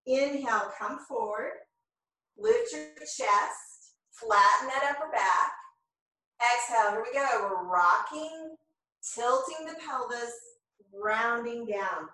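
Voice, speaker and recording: A woman guides a yoga class at a slow, unhurried pace, her voice bright and a bit high. She sits well back from the camera mic in a very echoey room. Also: distant mic. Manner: slow, calm cueing of breath and movement. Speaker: yoga instructor. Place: home room, filmed on own camera. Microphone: camera mic at a distance.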